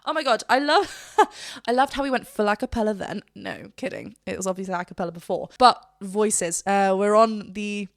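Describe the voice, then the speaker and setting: A woman's voice: mid-range voice, normal speed, gravelly. A woman vocal coach reacting to a song, chatting about technique and breaking into short sung demonstrations. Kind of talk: reaction video with vocal analysis.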